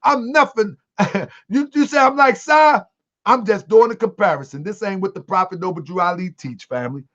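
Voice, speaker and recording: A man hosting an online livestream, commenting to his viewers in a preachy, animated way. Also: sits high, normal speed. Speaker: host of an online show. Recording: dull lo-fi sound.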